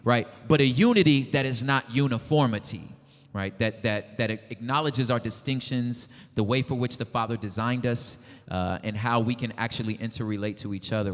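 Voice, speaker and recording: A man hosting a live event, introducing the evening's themes and calling up the next speaker. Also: fairly low pitch. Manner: repeats himself, warms into calling out. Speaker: event host. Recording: long reverb from a big hall.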